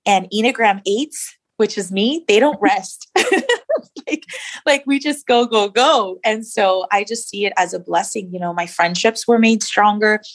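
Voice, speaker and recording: Earnest woman with a gravelly low voice. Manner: earnest, reflective, many fillers. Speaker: guest sharing her story. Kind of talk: faith-based interview.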